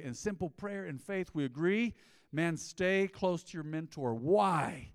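A man's voice: a little high, animated, a little slow, clean tone, studio quality. A middle-aged man pastor preaching a sermon in a church sanctuary, emphatic, with bursts of rising energy and acted asides. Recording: live church sermon with long hall reverb.

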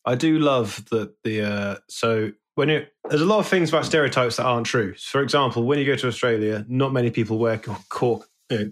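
A British man talking easily with a friend, wry and slightly halting, dropping "uh" and "um" as he finds his words. His voice sits at a middling pitch. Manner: hesitant, wry, with filler "uh". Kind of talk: casual chat.

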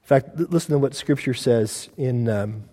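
American pastor preaching in a reverberant hall. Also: male voice, mid-range voice, normal speed, dark tone. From United States. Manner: conversational, repeats words, rhetorical questions. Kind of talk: sermon.

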